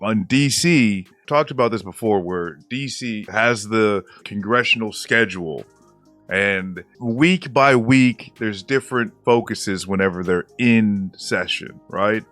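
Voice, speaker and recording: A man's voice: on the low side, slow, fairly bright tone, no echo, faint music behind. A man interviewing a guest in casual talk, loose and blunt, heavy on fillers and profanity.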